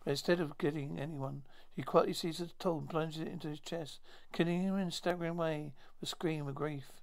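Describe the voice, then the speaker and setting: A man retelling a science fiction episode aloud in a halting way, with many restarts and self-corrections. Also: fairly high pitch, fairly even intonation, gravelly. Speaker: storyteller.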